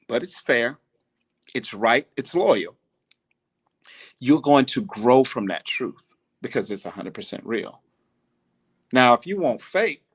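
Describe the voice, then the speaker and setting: A man hosting a podcast, talking in a casual, animated monologue, swearing, preaching and laughing often. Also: medium pitch, breathy edge, muffled recording. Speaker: podcast host.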